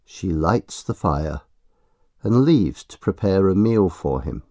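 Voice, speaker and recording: Slow, expressive male storybook narrator. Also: low voice, no echo, clean studio sound.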